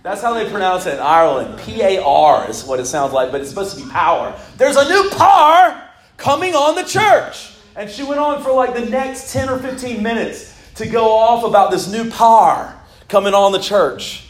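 A man preaching a sermon in a relaxed, conversational way, telling personal stories and often breaking into laughter. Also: high voice, brisk. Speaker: pastor. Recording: echoey room.

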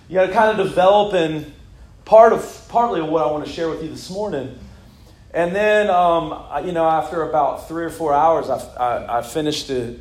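A man preaching a sermon in a relaxed, conversational way, telling personal stories and often breaking into laughter. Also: fairly high pitch. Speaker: pastor. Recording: echoey room.

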